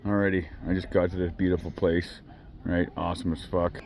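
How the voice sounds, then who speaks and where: A man hosting a casual road-trip vlog, talking in a profane, rowdy, excitable way into a handheld phone in his truck and outdoors. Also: sits low, brisk, vocal fry, lo-fi sound, crowd noise. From Canada. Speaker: vlog host.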